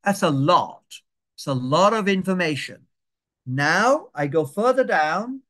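A man whose high voice is animated, pushed and bright runs a digital skills lesson on a video call. He moves patiently step by step, going over things slowly and asking whether people can follow.

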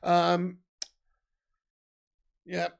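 Gravelly, high-voiced English man chatting live. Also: completely flat delivery, drawn-out words. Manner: chatty, reads viewer comments aloud, swears casually. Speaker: livestream host reading chat. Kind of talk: casual live chat.

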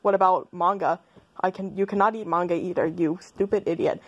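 A woman's voice: fairly low pitch, steady tone, brisk, lo-fi sound. A woman rambling through a playful, silly stream of consciousness, arguing back and forth with herself and giggling.

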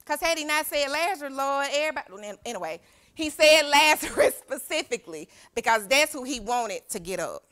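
A woman youth pastor preaches in a church sanctuary. Her voice sits a little high and rings bright and forceful as she reads scripture, then drops into lively call-and-response with the congregation. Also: a little fast. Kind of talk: sermon reading scripture aloud.

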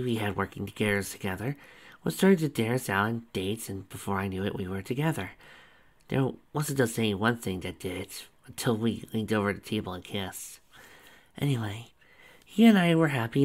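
A man's voice: on the low side, lively intonation, fairly quick. A man reading as Celestia, a whimsical mature woman. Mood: reminiscing.

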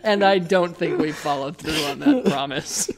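A woman hosting a casual podcast, chatty and prone to laughing. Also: deep voice. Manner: chatty, slow, laughs often. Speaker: podcast host. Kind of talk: casual chat.

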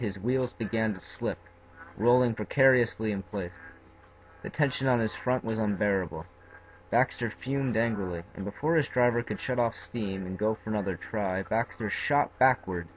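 A man narrating a scripted children's train story in a steady storybook reading. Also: fairly low pitch, lo-fi sound, a little hiss or hum.

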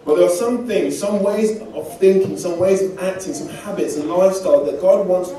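A man from England gives a sermon to a congregation, loosely and conversationally sharing personal stories with self-deprecating humor. His voice is a little high yet mellow and dark, at normal speed. Recorded from afar, he echoes through the church hall, with a little hiss or hum.

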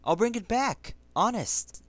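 A man's voice: sits high, expressive, measured pace, a bit bright, no echo, voice pushed up. A man voicing a scruffy, eager runaway boy who talks in a raised, pleading voice.

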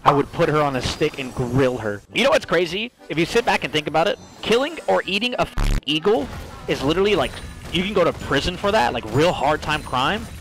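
High, lively profane gaming streamer man. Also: a little fast, rough recording. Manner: rambling, profane, excitable rants; fillers, repeated "like" and "literally". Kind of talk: casual gaming stream chat. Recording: music playing behind voice.

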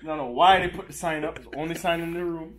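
A man's voice: on the high side, fairly even intonation, fast. A man giving a playful tour of a church volunteer room, hamming it up in an exaggerated put-on accent with broken grammar, recorded indoors on a handheld pocket camera. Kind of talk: joking casual tour. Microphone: handheld pocket camera mic.

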